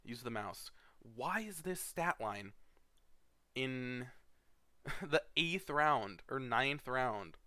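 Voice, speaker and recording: A man's voice: medium pitch, expressive, slow pace, sharp tone, no room sound. A young man, a fantasy league commissioner, rambling through a casual recap with lots of fillers and blunt, profane asides, sleepy and yawning. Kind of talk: casual screen-share commentary.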